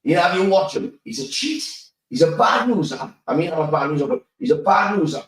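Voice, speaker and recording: Mężczyzna z północnej Anglii, gada w pogłosie. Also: male voice, high-pitched, a little fast. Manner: animated storytelling, swears, laughs often. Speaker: podcast co-host. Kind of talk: casual chat. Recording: roomy sound, mic at a distance.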